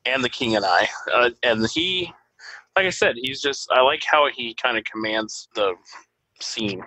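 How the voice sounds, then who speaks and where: A man's voice: mid-range voice, normal speed, pushed and bright, no echo, rough recording. A man co-hosting a podcast, casually rambling about films he has seen. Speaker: podcast co-host. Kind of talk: casual movie review chat.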